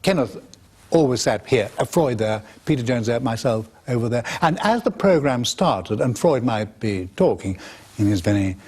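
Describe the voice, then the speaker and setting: A man in a documentary interview telling lively anecdotes. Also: mid-range voice, moderate pace, breathy edge. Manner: lively storyteller, mimics others.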